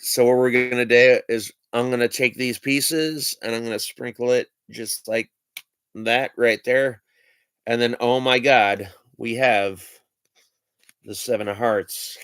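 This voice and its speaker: A man's voice: medium pitch, steady tone, takes it slowly, fairly bright tone, smooth, no echo. A man casually showing his trick cards on a stream, rambling and hesitant, with many fillers and restarts. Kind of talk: casual show-and-tell of magic cards.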